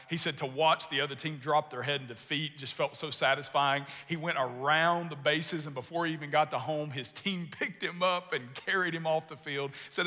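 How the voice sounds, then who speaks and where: A male pastor preaching in a church, telling a story and swinging between hushed passages and emphatic bursts. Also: medium pitch, normal speed. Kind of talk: sermon. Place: church sanctuary. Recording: long church reverb, music behind. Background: soft music.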